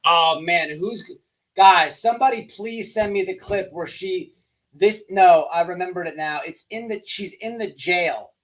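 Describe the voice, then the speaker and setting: A man's voice: sits high, measured pace, a bit bright. A man hosting a livestream commentary show, rambling and emphatic with many restarts. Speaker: host.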